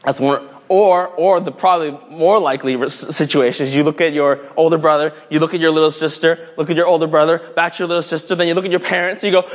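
A man's voice: fairly high pitch, quick pace, hardly any pauses. A man preaching a casual, playful sermon, telling a story and often restarting his phrases. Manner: animated, rambling with restarts, playful.

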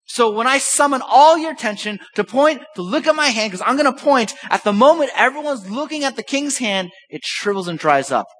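Male pastor, sermon, high-pitched voice, animated and emphatic, rhetorical questions. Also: brisk, hardly any pauses, poor audio.

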